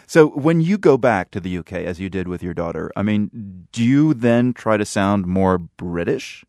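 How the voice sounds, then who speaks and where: A man's voice: lowish voice, expressive, moderate pace, a little mellow, no room sound. A man hosting a radio show, interviewing a colleague in the studio in a friendly, curious way. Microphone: studio mic.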